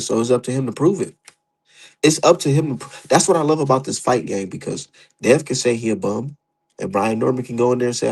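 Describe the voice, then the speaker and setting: A young adult man giving profane, heated, animated commentary as a boxing streamer. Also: medium pitch, vocal fry, breathy edge, low-quality recording. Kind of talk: casual ranting commentary.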